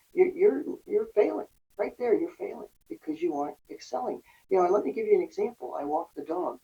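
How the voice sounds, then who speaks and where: A woman's voice: medium pitch, gravelly, mellow. A woman guest on a podcast, talking earnestly about parenting and resilience and acting out little scenes in quoted speech. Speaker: guest, recovery and parenting coach. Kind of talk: conversational podcast advice. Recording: distant dull lo-fi mic.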